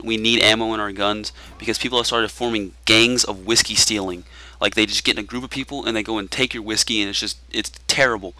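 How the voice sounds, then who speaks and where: A man with a Texan accent doing comedic gameplay commentary, telling tall tales in a deadpan way with frequent "uh" fillers. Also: fairly low pitch, clear, resonant tone. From Texas.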